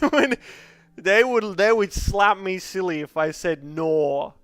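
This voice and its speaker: A man's voice: high voice, lively intonation, slow pace, clear, resonant tone, no room sound. A man with an Australian accent giving rambling, joking gameplay commentary as a streamer, laughing often into a close microphone.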